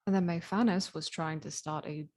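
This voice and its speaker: A woman's voice: fairly low pitch, steady tone, moderate pace, darkish tone. A woman playing a tabletop game, talking bluntly and casually. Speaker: player.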